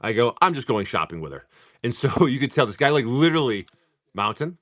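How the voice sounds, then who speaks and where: A man's voice: mid-range voice, sing-song, a little fast, fairly bright tone, no room sound, clean studio sound. A man live-streaming as he opens trading card packs. He tells a rambling story and keeps breaking off to call out card names. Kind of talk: casual live-stream chat.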